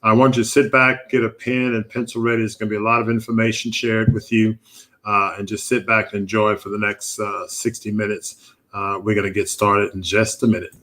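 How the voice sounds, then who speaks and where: A middle-aged man, a doctor, hosting a live online panel from a studio and presenting a case from slides in a relaxed, conversational way with many fillers. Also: on the low side, a little fast.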